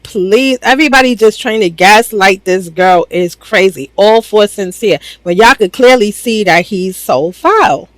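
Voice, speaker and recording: A woman's voice: mid-range voice, no room sound, poor audio. Woman, mid-range voice, dry close sound; sassy, outspoken reality TV reactor calling out red flags. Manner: blunt, sassy, opinionated, slangy. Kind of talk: casual reaction commentary.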